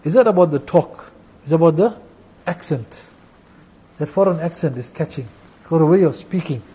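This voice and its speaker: A man's voice: on the high side, animated, normal speed, warm tone, husky, low-quality recording. A man preaching a sermon, lecturing emphatically and repeating phrases, peppered with Arabic and Urdu religious terms. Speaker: Islamic preacher.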